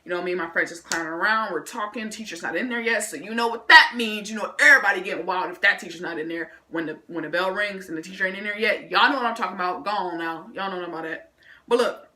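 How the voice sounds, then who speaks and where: Bright, animated woman telling a story. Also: medium pitch, fast talker. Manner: animated, slangy, with vocal sound effects. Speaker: vlogger. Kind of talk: casual storytime vlog.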